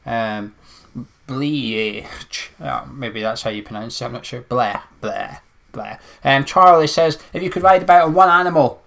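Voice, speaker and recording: Male co-host, mid pitch, rambling opinionated chat. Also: steady tone, a little fast, creaky, few pauses, fairly bright tone. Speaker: podcast co-host. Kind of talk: casual chat.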